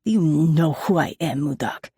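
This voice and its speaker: A woman's voice: sits low, lively intonation, unhurried, dark tone, slightly rough, dry recording, studio quality, exaggerated voice. A woman voicing a young Russian-accented male gambler who speaks angrily through clenched teeth. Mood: defiant.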